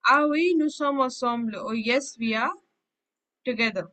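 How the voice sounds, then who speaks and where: A woman's voice: high-pitched, normal speed, sharp tone, low-quality recording. A woman teaching a French class, reading short phrases and then explaining each one in English. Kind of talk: online language class explanation.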